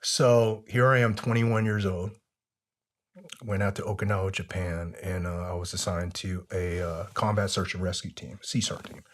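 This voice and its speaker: A man being interviewed, telling long relaxed stories with many fillers. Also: deep voice, moderate pace. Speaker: interview guest, former soldier. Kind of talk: conversational interview storytelling.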